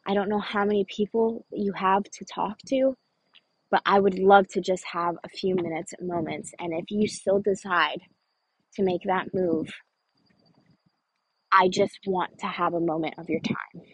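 Woman, husky breathy voice, earnest casual storytelling, dry close sound. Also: medium pitch, fairly even intonation, measured pace, no echo, poor audio. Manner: earnest, conversational, frequent "like" fillers. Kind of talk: personal storytelling.

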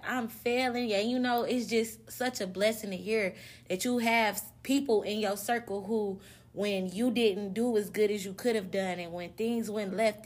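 A young woman co-hosting a podcast, speaking in an earnest, reflective way. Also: medium pitch. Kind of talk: casual podcast chat.

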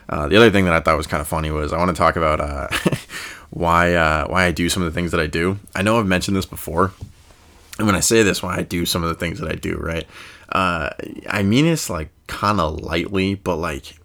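A man's voice: low-pitched, creaky, a bit bright. A young man hosting a casual solo podcast, thinking aloud in a rambling way with fillers and restarts. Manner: chuckles often and slips into quick impressions. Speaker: podcast host.

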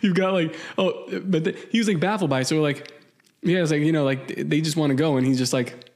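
A man's voice: on the high side, quick pace, a little mellow. A young man co-hosting a podcast, rambling through profane stories and laughing as he tells them. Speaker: podcast co-host. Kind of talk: casual podcast chat.

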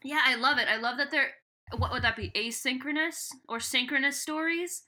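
A woman's voice: sits high, moderate pace, sharp tone. A woman co-hosting a podcast, recapping a book in casual, profane, giggly chat and acting out the characters' lines. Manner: giggly, profane, acts out lines in put-on voices.

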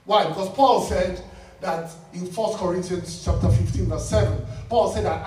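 A man's voice: high-pitched, moderate pace, a little hiss or hum. A man preaching a sermon in a church, repeating key lines for emphasis and laughing as he talks. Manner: animated, repeats phrases for emphasis, laughs while speaking. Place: church hall. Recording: echoey church from a distant mic.

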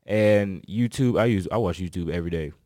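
A young man hosts a casual talk segment in a dry, close-miked space. His voice sits on the low side, and he draws out his introductions with emphasis. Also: fairly quick, dark tone, no echo. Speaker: host. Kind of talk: casual student show chat.

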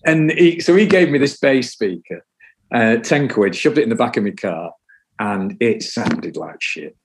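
A man's voice: medium pitch, lively intonation, measured pace. A man, a musician guest rambling through anecdotes and swearing freely. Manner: rambling anecdotes, frequent swearing, acts out other people's voices. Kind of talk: casual storytelling interview.

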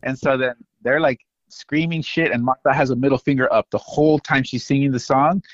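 A man, a musician guest, telling lively anecdotes in casual interview talk, full of "like" and "you know". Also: medium pitch, fairly quick, no echo, dull audio. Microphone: phone line.

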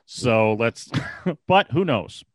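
A man's voice: mid-range voice, expressive, very slow, no echo. A man in his forties telling rambling stories in a casual chat, often laughing. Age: 40s.

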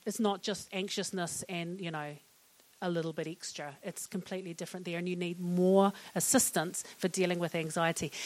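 A middle-aged woman with a New Zealand accent giving a humorous, chatty public talk on mental wellness to an audience. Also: mid-range voice. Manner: humorous and chatty, laughing at her own jokes.

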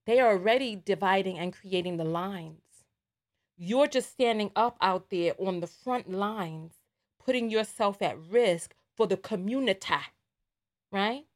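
A woman's voice: medium pitch, a little slow. A woman hosting a livestream, giving emphatic commentary with repeated rhetorical asides. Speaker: livestream host.

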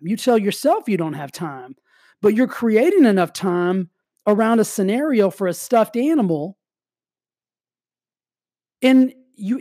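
Male motivational speaker, warm low-toned delivery, casual and fired up, slight cough, dry close sound. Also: dry recording. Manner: energetic, casual, heavy use of "like". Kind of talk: motivational monologue.

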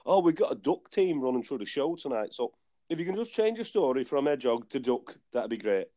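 A man's voice: medium pitch, big pitch swings, a little fast, mellow, pitched above the performer's own voice, lightly acted. A man putting on a cheeky male radio host who fakes a producer in a Barnsley accent, with breezy mock-friendly patter. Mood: mischievous. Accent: put-on Barnsley.

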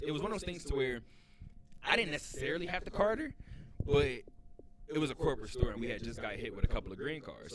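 A man hosting a casual group podcast chat, telling animated stories and acting out the people in them. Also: mid-range voice. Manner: animated storyteller, acts out quotes. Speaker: podcast host.

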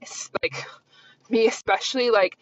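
A woman's voice: fairly high pitch, steady tone, a little slow, dry recording. Chatty young woman on a dry, dull mic. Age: 20s. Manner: rambling, candid, heavy use of "like". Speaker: podcast host. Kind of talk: casual solo podcast chat. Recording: slightly dull lo-fi recording.

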